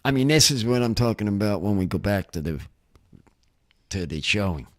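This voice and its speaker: A man's voice: lowish voice, expressive, normal speed, no echo, clean studio sound. A man hosting a casual livestream podcast, rambling and repeating himself. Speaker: podcast host. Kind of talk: casual chat.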